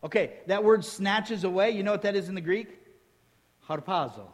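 Male preacher, high-pitched, lively teaching delivery with rhetorical questions, church hall echo. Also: fast talker. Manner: lively teaching tone, quizzes the listeners with rhetorical questions, jokes in between. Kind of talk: sermon. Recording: long hall reverb.

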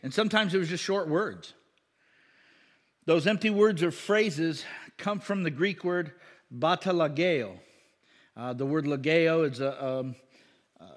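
A man's voice: on the high side, measured pace. A man preaching a conversational sermon, with many fillers, asides and repetitions. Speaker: pastor. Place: church hall. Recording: long hall reverb.

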